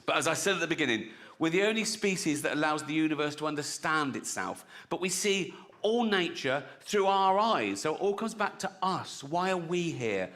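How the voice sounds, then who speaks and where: A man's voice: fairly high pitch, animated, moderate pace. A middle-aged man doing a stand-up comedy routine. He talks conversationally, tags his lines with questions and laughs at his own jokes. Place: live comedy stage. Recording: loud audience noise at live show.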